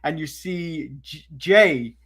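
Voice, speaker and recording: Guy from england cohosting a wrestling-style chat show, high-ish voice, laughs a lot, acts stuff out. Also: animated, takes it slowly, a bit bright. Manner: chatty, laughs often, acts out quotes. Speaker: co-host. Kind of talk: casual podcast chat.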